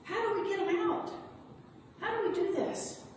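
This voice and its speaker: A woman's voice: very high-pitched, normal speed, voice pushed up. A woman voicing a frightened but determined thirteen-year-old girl who pleads urgently. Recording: echoey hall from far off, noisy.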